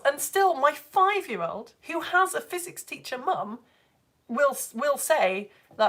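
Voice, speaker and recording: A woman, hosting a live stream and chatting excitedly as she reads out viewer comments. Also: high voice, a little slow. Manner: chatty and excitable, bursts into laughter and squeals. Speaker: live show host reading viewer comments. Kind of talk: casual live-stream chat.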